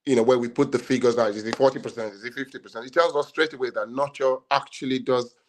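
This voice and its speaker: A man's voice: mid-range voice, steady tone, fast talker, slight background noise. A man, co-hosting a podcast debate and talking in long, rambling turns full of restarts. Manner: rambling, many restarts and fillers. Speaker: podcast co-host. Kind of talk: casual debate chat.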